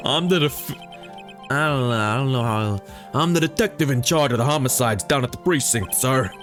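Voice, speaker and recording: A man voicing a gruff, bumbling male police detective who keeps adding "sir", over faint music. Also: medium pitch, moderate pace, a bit bright, natural voice. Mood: earnest.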